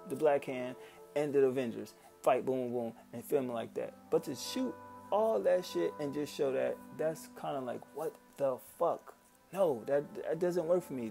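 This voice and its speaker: A man's voice: mid-range voice, gravelly. A man giving a casual, profane movie rant on his vlog, exasperated, often acting out his own past reactions. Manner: profane, exasperated, animated quoting of himself. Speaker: vlogger.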